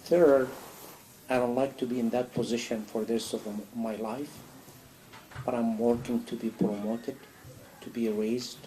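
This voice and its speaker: A man giving a sermon in a mosque, animated and full of rhetorical questions. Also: medium pitch, unhurried, a little hiss or hum, poor audio. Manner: animated, acts out a dialogue with God, rhetorical questions. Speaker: imam answering a question. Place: mosque hall.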